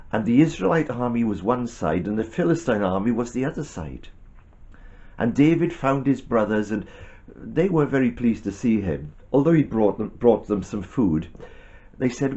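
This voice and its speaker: A man telling a Bible story to a child in a gentle, animated way with chatty asides. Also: mid-range voice, moderate pace, highs cut off.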